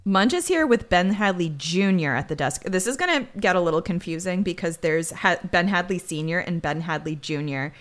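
A woman's voice: fairly low pitch, expressive, moderate pace, few pauses. Sarcastic woman recapping a crime episode. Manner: chatty, sarcastic asides while retelling the plot. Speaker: podcast co-host.

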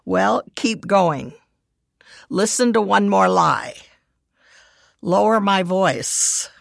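A middle-aged woman giving earnest devotional teaching, reading scripture verses in measured lists. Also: medium pitch, expressive, vocal fry, no echo, clean studio sound. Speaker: devotional speaker and parent.

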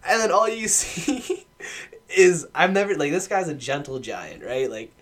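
A man's voice: on the high side, animated, measured pace. A young man in casual podcast chat, telling a wild story with laughter and swearing. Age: young adult. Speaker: podcast co-host.

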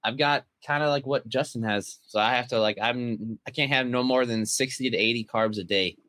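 This podcast co-host is a man with a mid-range voice and a brisk, slightly bright delivery, captured in studio quality without echo. His casual chat rambles along with plenty of fillers and false starts.

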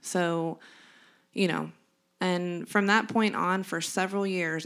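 A young adult woman talks candidly on a podcast, her voice sitting on the low side. She tells a personal story earnestly and grows animated as she retells it. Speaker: podcast co-host.

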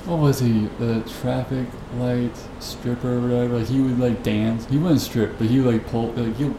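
A man's voice: medium pitch, steady tone, normal speed. A man hosting a podcast and telling a story as a profane, rambling, incredulous rant. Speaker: podcast host. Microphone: podcast mic. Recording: echoey room with background noise.

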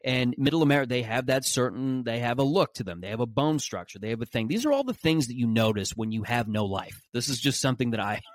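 A man hosting a podcast in a casual solo monologue, speaking at a mid pitch. He rambles, jokes sarcastically and often restarts his sentences. The sound is close and dry. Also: expressive, fast talker, dry recording. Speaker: podcast host.

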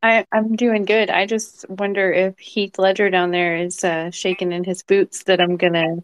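A woman's voice: medium pitch, level tone, moderate pace, clear, resonant tone, no room sound. Playful woman, mid voice, teasing tone. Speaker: guest speaker. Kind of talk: casual chat in an online audio room.

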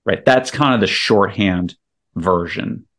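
A man's voice: on the low side, slow, fairly bright tone. A man guesting on a podcast, explaining sales tactics emphatically and walking through scenarios step by step. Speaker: real estate investor guest.

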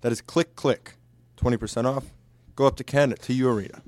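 A man trading wry, deadpan remarks on a sports podcast. His voice has an ordinary middle pitch. The close mic leaves the sound dry, with no room around it. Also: fairly quick, no echo. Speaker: podcast co-host. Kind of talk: casual sports podcast banter.

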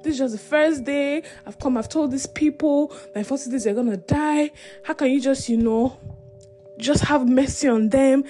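A woman's voice: fast, few pauses, mellow, soft background music, natural voice. A woman voicing an indignant grown male prophet who rants at God in a raised, complaining voice. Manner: high-pitched complaining rant.

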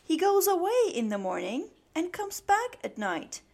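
A small young crocodile boy, anxious about whether his dad is good at anything. His voice sits very high and swoops with worry, as a woman puts him on. A storybook character with a lively, fretful lilt. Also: unhurried, creaky, heavily acted. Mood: worried. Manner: anxious, fretful, then excited.

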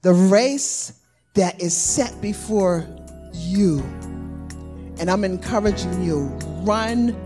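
A woman elder preaching a sermon, building from quiet teaching to shouted encouragement. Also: on the low side, slow pace, long pauses, faint music behind. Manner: rises to shouted exhortation, call-and-response cadence.

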